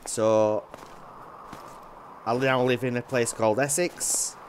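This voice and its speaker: A man with a Yorkshire accent chatting casually while playing a hunting game, rambling with restarts and often dropping his voice low. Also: steady tone, slow, slight background noise. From Yorkshire, England. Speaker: gaming YouTuber. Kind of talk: casual gameplay commentary.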